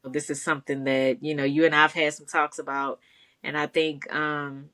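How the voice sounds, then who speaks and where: Give me a low-pitched woman podcast co-host, easygoing and encouraging. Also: little pitch movement, normal speed, a bit bright. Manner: easygoing, encouraging, laughs often. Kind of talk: casual chat.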